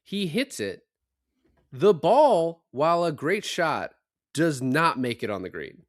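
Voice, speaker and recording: A man hosting a casual movie-review podcast, excitedly recounting scenes and swearing freely. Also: fairly high pitch, slow, dry recording, studio quality. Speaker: podcast host.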